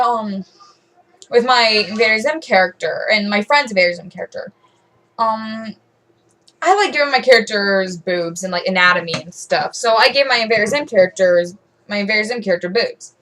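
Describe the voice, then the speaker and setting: A teenage girl vents to camera in a long, rambling rant. She stumbles through fillers and restarts, and her voice sits at an ordinary pitch for a young woman. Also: lively intonation, normal speed, fairly bright tone, rough recording. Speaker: vlogger.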